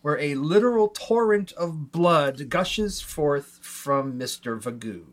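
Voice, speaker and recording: Man, podcast co-host, casual film recap, slightly high pitch, frequent fillers. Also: animated, slow. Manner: plot summary with many fillers and restarts.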